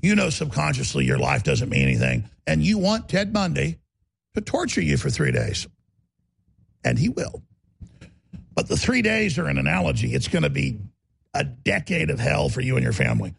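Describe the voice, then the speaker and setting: A man's voice: a little high, very animated, moderate pace, creaky, breathy edge. A man hosting a talk radio show, delivering an emphatic, bellowing rant. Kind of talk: ranting talk radio monologue.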